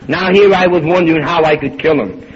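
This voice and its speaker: An older man at a recovery meeting, telling his own story in an animated way and acting out the dialogue. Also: fairly high pitch, fairly quick, slightly rough. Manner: animated storyteller, acts out dialogue, swings between loud and hushed. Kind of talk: personal storytelling talk. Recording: dull lo-fi recording with faint hiss.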